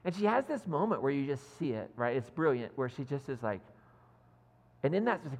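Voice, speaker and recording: A male pastor giving a sermon as animated storytelling, with self-deprecating asides. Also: mid-range voice, a little fast. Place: church sanctuary. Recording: long hall reverb.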